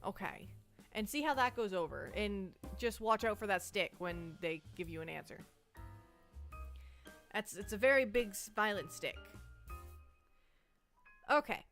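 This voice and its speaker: Brief: jittery woman streamer, bright high voice, faint music behind. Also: expressive, measured pace, long pauses. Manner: nervous, rambling, self-interrupting. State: anxious and shaky. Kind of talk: casual live-stream chat.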